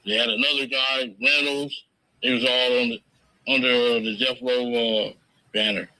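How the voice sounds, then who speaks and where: In a low-quality interview recording, a man tells stories casually, his medium-pitched voice steady, a little slow, pushed and bright. He's laid-back, and his language is profane and slangy.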